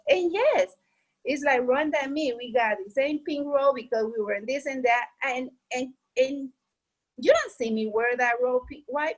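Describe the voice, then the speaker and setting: A woman whose first language is Spanish gives heartfelt, earnest advice in a casual way, repeating her points to encourage the listener. Her voice is high-pitched, and the recording is rough.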